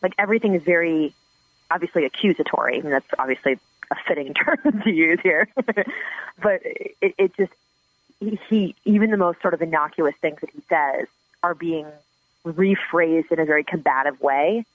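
Male call-in observer, casual and halting, slightly raised pitch, muffled call audio. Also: no room sound. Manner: hesitant, fillers like "like" and "um". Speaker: trial observer interviewed. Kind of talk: casual explanation.

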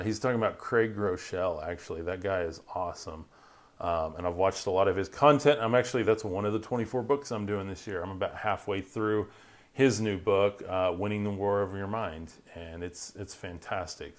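A man hosting a Christian live stream, chatting casually and upbeat, reading viewer comments, his voice worn from talking. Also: sits low. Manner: upbeat, rambling, reads viewer comments aloud. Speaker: Christian podcast host.

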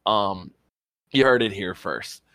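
A man telling a rambling, excitable story as a podcast co-host, swearing casually. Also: fairly low pitch, takes it slowly, no echo. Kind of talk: casual chat.

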